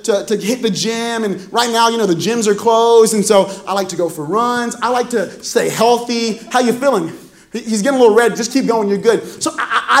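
A man preaching a sermon as pastor, telling funny stories and acting out quoted lines. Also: very high voice. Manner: humorous storytelling, acts out quoted dialogue. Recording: roomy echoey room.

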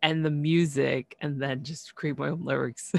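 A woman's voice: deep voice, fairly even intonation, unhurried, creaky, darkish tone, no room sound. Bubbly woman podcast co-host, dry sound. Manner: bubbly, laughs often, fillers like "you know". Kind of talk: casual podcast chat.

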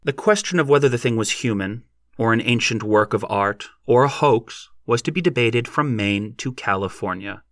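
A man reading an audiobook in measured, scripted narration. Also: medium pitch, lively intonation, dry recording, clean studio sound.

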